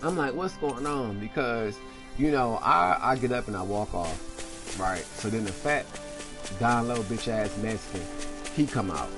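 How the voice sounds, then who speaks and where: A man's voice: lowish voice, expressive, measured pace. A man telling a heated, profane personal story while playing a game, often asking "you know what I'm saying". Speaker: gaming channel host. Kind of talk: casual storytelling over gameplay. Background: game music.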